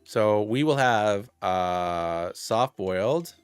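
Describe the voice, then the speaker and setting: Lively, rambling male game streamer. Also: fairly low pitch, very slow, clear, resonant tone, dry recording. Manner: rambling, excitable, thanks viewers by name. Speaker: streamer playing a fusion monster game. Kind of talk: casual live-stream chat and game commentary.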